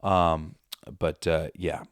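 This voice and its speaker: A man's voice: extremely low pitch, level tone, extremely slow, clear, resonant tone, dry recording, clean studio sound. A man hosting a podcast, chatting casually and rambling with fillers and laughs. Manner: rambling, quotes movie lines with laughs. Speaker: podcast host. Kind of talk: casual chat.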